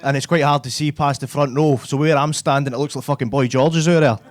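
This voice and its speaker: A man's voice: medium pitch, fairly even intonation, quick pace. A man with a Glaswegian accent doing a live stand-up set on a comedy club stage, brash and sweary, chatting to the crowd and tagging lines with "right?".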